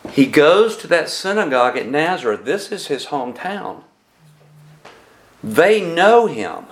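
Slow, deliberate male preacher. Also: a little high, sing-song. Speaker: pastor. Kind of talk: sermon.

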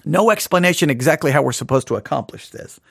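A man's voice: a little high, lively intonation, fast, gravelly, no echo. Rambling man on a dry close mic. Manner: rambling, self-deprecating, with many restarts. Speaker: podcast host. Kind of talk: casual Christian podcast talk.

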